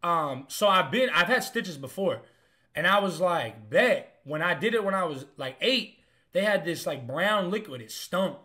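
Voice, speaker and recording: A young man, a comedian, telling a story in a casual, animated and profane way, with punchy lines. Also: high voice, normal speed. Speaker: comedian host.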